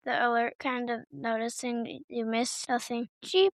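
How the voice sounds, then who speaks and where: A woman narrating a children's storybook in a steady, unhurried reading voice with small stumbles. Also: on the high side, no echo.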